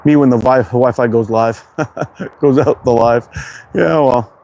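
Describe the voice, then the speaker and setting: A man's voice: mid-range voice, measured pace, darkish tone. A man from Canada with a Quebec accent, casually hosting an outdoor livestream and greeting viewers from chat. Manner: reads chat names aloud, laid-back and friendly, swears casually. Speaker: slingshot livestream host. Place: outdoors in cold wind. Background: wind and outdoor ambience.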